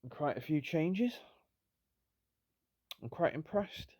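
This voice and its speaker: A man's voice: on the high side, lively intonation, slow pace, darkish tone, no room sound, studio quality. A tired man giving rambling, self-deprecating commentary on a football management game. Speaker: gaming YouTuber. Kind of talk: casual gameplay commentary.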